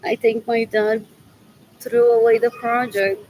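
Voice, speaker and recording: A woman's voice: a little high, level tone, unhurried, dull audio, a little hiss or hum. A woman chatting on a livestream, rambling and repeating herself as she thinks aloud.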